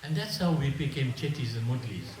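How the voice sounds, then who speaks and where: A man's voice: medium pitch, big pitch swings, fairly quick, darkish tone, a little hiss or hum. An older man from South Africa giving a humorous, storytelling speech as a family elder at a wedding reception. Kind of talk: after-dinner speech with anecdotes. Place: reception hall. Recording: echoey hall, mic from far off.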